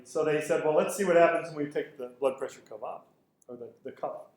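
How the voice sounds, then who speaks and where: A middle-aged man giving a conference lecture, telling lively anecdotes and acting out the quoted exchanges. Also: medium pitch. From Canada. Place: lecture hall. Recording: very echoey hall with faint noise.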